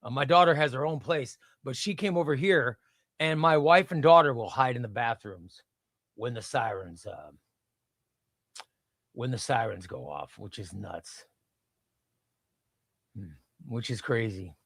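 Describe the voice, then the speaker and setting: A man's voice: medium pitch, measured pace, long pauses, fairly bright tone, no echo, studio quality. A middle-aged man hosting a casual comic book livestream, rambling and reading chat aloud.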